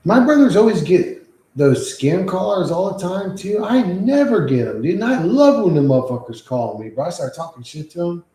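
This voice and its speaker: A man's voice: sits high, sing-song, moderate pace, warm tone. A man chatting on a casual livestream, rambling and swearing freely as he reacts to chat. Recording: echoey room.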